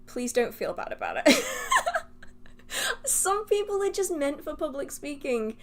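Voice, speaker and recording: A woman hosting a casual livestream, talking straight to her viewers. Her voice sits a little high, and she laughs often as she pokes fun at herself. Her sentences trip and restart while she rambles on. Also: huge pitch swings, takes it slowly, a bit bright. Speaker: livestream host answering viewer questions.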